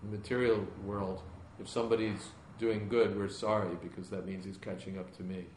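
Calm low-voiced male teacher, echoey room. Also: a little fast. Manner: calm, plain explanations with rising emphasis. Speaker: spiritual teacher answering questions. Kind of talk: question-and-answer class. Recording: echoey room with background noise.

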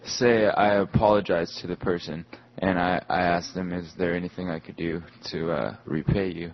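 A man's voice: low-pitched, steady tone, moderate pace. A man in the audience asking a question, hesitant and searching for his words. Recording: distant, muffled audience pickup.

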